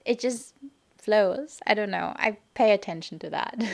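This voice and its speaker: A young woman from Germany hosting a podcast, calmly explaining and analyzing her own poetry and reading verse aloud. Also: medium pitch, a little slow, gravelly. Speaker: podcast host. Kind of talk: casual explanatory monologue on poetry.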